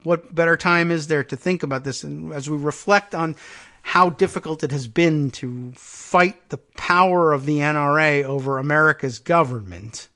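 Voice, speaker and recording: Man, political talk host, sardonic, rambling asides, slightly high voice. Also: moderate pace, bright, forceful tone. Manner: sardonic, rambling, thinks aloud with many fillers. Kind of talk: casual political commentary, reading articles aloud.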